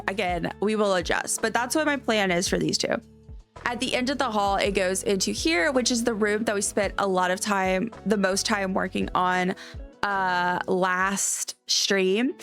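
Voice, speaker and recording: A woman's voice: medium pitch, a bit bright. A woman live streamer with a light Cajun-tinged Southern American accent, chatting casually in a rambling, self-correcting way and laughing often. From Cajun country, US South. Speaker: live streamer playing a life-sim game.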